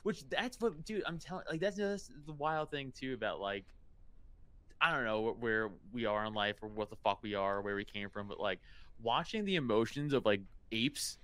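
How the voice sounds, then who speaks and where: A man talking loosely in casual chat, at a middle pitch and recorded close and dry. He rambles, swears freely and breaks into quick put-on voices. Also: fairly bright tone, no echo. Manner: profane, rambling, laughs often, mimics voices.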